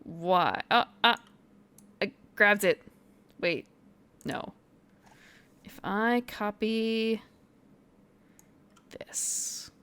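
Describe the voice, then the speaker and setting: A woman's voice: medium pitch, extremely slow, long pauses, pushed and bright, a little hiss or hum. A woman streamer chatting casually on a live stream, thinking aloud, muttering to herself and sounding out foreign phrases.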